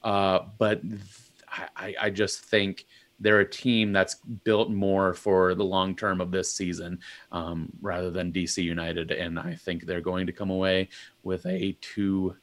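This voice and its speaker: Male co-host, lowish voice, hesitant, measured analysis. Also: little pitch movement, a bit bright. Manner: halting, many fillers and restarts, thoughtful. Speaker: podcast co-host. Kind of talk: casual sports chat.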